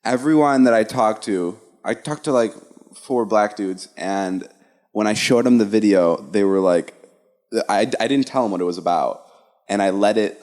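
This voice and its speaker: A man's voice: fairly low pitch, a little mellow. A young man co-hosting a podcast in casual chat, talking earnestly and repeating words as he restarts his sentences. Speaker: podcast co-host.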